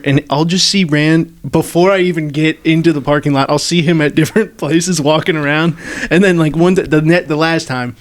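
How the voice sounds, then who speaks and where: A man with a fairly high voice co-hosting a loose podcast. He jokes around and laughs easily. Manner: joking, quick to laugh. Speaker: podcast co-host. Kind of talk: casual chat.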